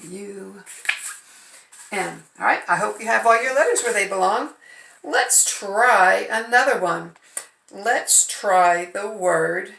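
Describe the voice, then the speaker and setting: A woman's voice: mid-range voice, creaky, background noise. Woman, first grade teacher, phonics lesson, patient, sounds out syllables, echoey room. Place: home.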